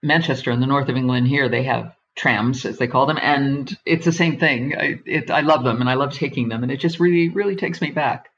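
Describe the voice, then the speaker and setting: A woman's voice: extremely low pitch, a little fast, few pauses, muffled recording, slight background noise. A woman from Pittsburgh who is an audiobook narrator and actress, chatting in an interview and reminiscing with frequent hesitant fillers. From Pittsburgh, USA. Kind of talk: casual interview chat. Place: remote from host, living in England.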